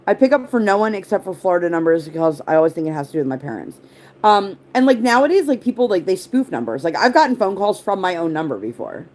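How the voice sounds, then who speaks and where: Fast, sing-song, and a little mellow, this lower-voiced woman around forty hosts a livestream where she rambles from tangent to tangent. She answers comments from viewers and says "like" constantly.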